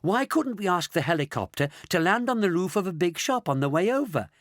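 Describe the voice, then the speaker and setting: A man's voice: sits high, big pitch swings, fairly quick, no room sound, studio quality. A man voicing a clever, eager young boy in a storybook reading.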